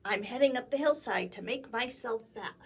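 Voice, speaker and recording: A woman's voice: on the high side, moderate pace, gravelly, breathy edge. A woman voicing a nervous middle-sized billy goat who bleats and begs. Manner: bleating, begging.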